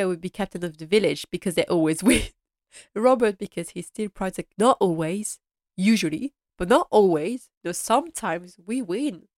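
A woman's voice: lowish voice, no echo, studio quality. Chatty woman recapping with frequent laughs. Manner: chatty, laughs often, retells scenes. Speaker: podcast host. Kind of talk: casual episode recap.

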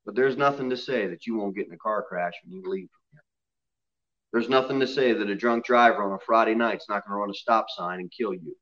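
A man preaching an expository sermon in a church, dropping low and quiet on solemn lines and rising loud on emphasis. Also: brisk, lo-fi sound. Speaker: pastor. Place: church sanctuary.

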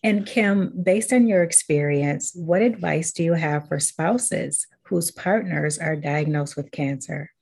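A woman hosting an interview, affirming her guest's points and asking gentle questions. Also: deep voice, measured pace, gravelly, few pauses, husky. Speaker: interview host.

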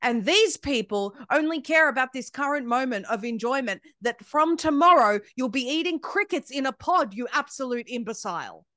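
Australian woman podcast guest, passionate and blunt, fairly high voice, dry sound. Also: animated, normal speed, few pauses, a bit bright, no echo. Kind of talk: casual podcast conversation.

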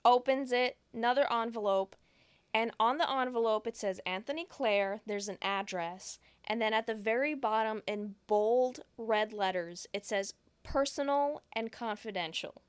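A woman co-hosting a casual podcast, retelling a film's scenes with quick acted quotes and frequent giggles. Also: fairly high pitch, clean tone, no echo. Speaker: podcast co-host. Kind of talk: casual movie recap chat.

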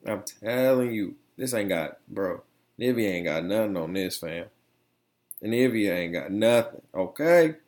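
A man's voice: on the low side, animated, a little slow, a little mellow. A young man hosting a casual solo podcast, rambling and slangy as he tells stories with plenty of animation. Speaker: podcast host.

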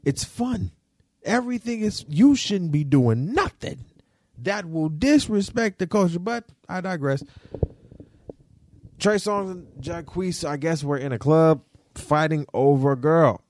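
A man's voice: unhurried, dry recording. A man co-hosting a casual pop-culture podcast, teasing and cursing as he riffs straight at a celebrity. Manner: teasing, profane, riffing directly at a celebrity; animated, swings between low mutters and high exclamations. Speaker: podcast co-host.

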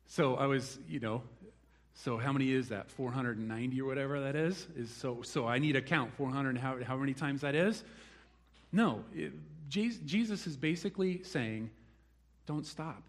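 A man's voice: mid-range voice, moderate pace. A man preaching a sermon, telling the story with animation and acting out the people he quotes. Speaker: pastor.

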